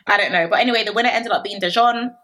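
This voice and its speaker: A woman's voice: mid-range voice, rapid-fire, bright, forceful tone. A young woman reviewing a reality show in a chatty, sassy commentary vlog full of rhetorical questions.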